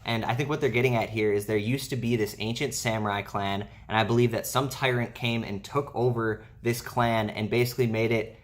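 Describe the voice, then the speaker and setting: A man hosting a manga review video in a chatty, casual way. He talks straight to his viewers and fills his sentences with loose asides. His voice sits at a middling pitch. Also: fairly even intonation, fairly quick, few pauses. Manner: chatty, addresses the viewers with fillers.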